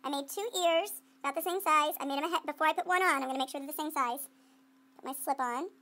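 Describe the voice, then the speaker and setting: This fast-talking art teacher has a high, bright, forceful voice. She runs a classroom clay demonstration in a playful, chatty manner, musing aloud as she works and quizzing the students, who call back their responses.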